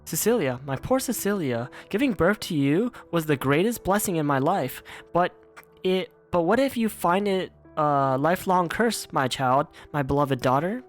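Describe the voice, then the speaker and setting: A man voicing a weak, dying mother who coughs and speaks slowly and tenderly to her child. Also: fairly high pitch, expressive, soft background music, voice pushed up, close to an everyday voice. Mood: tender, mournful. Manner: soft, slow, tender pleading.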